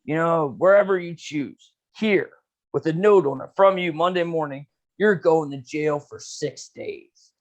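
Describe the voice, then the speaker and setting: A young man joking crudely and telling stories in a casual podcast chat. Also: a little high. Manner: joking, crude, quick interjections. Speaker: podcast co-host.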